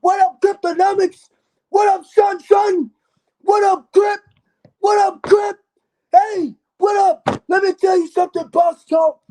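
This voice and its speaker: A man putting on a loud male street hype man who keeps shouting out names on a livestream. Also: extremely high pitch, little pitch movement, pitched above the performer's own voice. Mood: hyped. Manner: shouting, rapid shout-outs. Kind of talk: livestream character bit.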